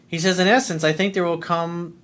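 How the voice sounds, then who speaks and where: A man's voice: sits high, fairly even intonation, fairly quick, fairly bright tone. Blunt, profane man giving advice. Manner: blunt and profane, acts out dialogue. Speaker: life coach. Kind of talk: answering a viewer's letter.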